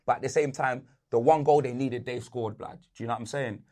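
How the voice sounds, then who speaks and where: A man's voice: mid-range voice, fairly even intonation, fairly quick, warm tone. A young man ranting about his football team in casual slang, exasperated and emphatic. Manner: ranting, exasperated, street slang tags on every line. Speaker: football fan pundit.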